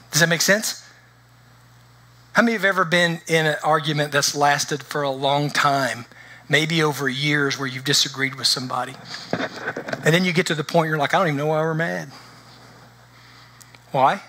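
A man preaches in church with a fairly high voice and a forceful, bright edge. His delivery is conversational and engaging, and he keeps asking the congregation whether they follow him. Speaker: pastor. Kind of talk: sermon.

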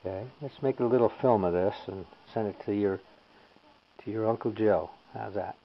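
Gravelly guy at home baby-talking his cat, gentle and teasing, dull lo-fi home video. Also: on the low side, moderate pace, a little hiss or hum. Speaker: pet owner. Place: home indoors.

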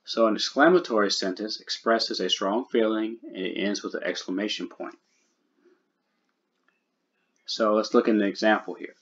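A man with a fairly low voice teaches a grammar lesson. He talks slowly and deliberately and goes back over each key point. The recording sounds dull and lo-fi. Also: a bit bright.

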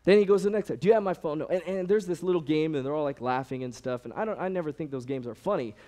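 Guy preaching casually w a pretty high voice, lots of "you know", acts out the people in his stories. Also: fast talker. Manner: animated storytelling, acts out quoted people; conversational, frequent fillers. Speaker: youth ministry director. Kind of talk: sermon-style talk.

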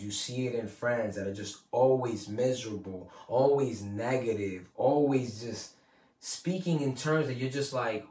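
A man's voice: medium pitch, darkish tone. Emphatic, profane man in an echoey room. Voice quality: swears freely, slangy street talk. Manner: rambling, emphatic, quotes people in voices. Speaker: podcast host. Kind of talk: motivational talk, casual and profane. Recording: roomy and distant from the mic.

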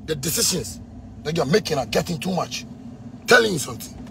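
A man in his thirties from Ghana with a Ghanaian Pidgin English accent, delivering an angry, repetitive rant with frequent shouting. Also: on the high side, expressive, a little fast, gravelly, a little hiss or hum. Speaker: musician ranting on video.

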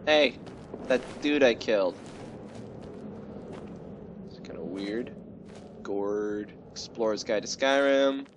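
A man's voice: lowish voice, slow, long pauses, highs cut off, background noise. A man giving casual, jokey commentary while playing a game, slipping into silly voices. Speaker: gameplay commentator. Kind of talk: casual let's-play commentary. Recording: game music playing behind.

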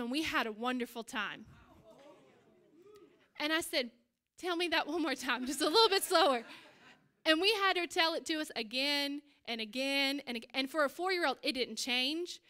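A middle-aged woman pastor giving a sermon as an animated storytelling preacher. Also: high voice, normal speed. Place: church stage.

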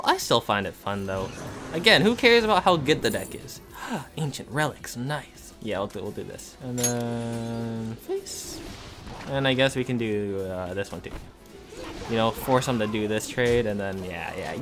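A young man giving casual, excitable commentary while playing a card game, laughing often and muttering to himself. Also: a little high. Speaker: gaming video creator.

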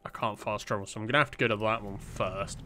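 A man's voice: on the low side, fairly even intonation, quick pace, sharp tone, a little hiss or hum. A young man giving casual let's-play commentary, rambling and joking at himself with plenty of fillers. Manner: rambling, self-deprecating, lots of fillers. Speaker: gameplay commentator.

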